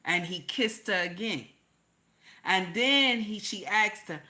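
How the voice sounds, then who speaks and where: Her pace moderate, an older woman on a live stream dispenses relaxed relationship advice to her audience. She's spirited and repetitive, dipping into a low, confidential tone whenever she wants emphasis.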